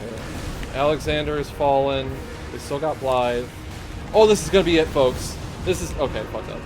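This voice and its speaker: A young man live-streams a game, chatting casually, swearing a lot, and giggling as he plays. His voice is medium in pitch at a moderate pace, and game music sits clearly behind it.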